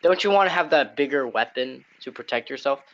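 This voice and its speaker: A man's voice: medium pitch, animated, brisk, fairly bright tone. A man co-hosting a casual podcast chat, explaining things loosely with fillers like "whatchamacallit.". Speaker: podcast co-host. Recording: dull lo-fi sound.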